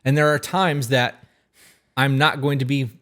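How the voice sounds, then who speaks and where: A man's voice: medium pitch, fairly even intonation, unhurried, fairly bright tone. A young adult man co-hosting a casual podcast, talking bluntly and swearing freely. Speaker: podcast co-host. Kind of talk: casual chat.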